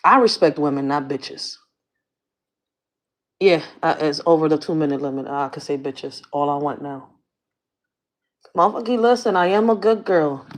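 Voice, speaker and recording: A woman's voice: low-pitched, moderate pace, long pauses. A woman vlogging as a community activist, ranting to the camera in blunt, profane slang. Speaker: community activist and channel host. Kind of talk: casual rant to camera.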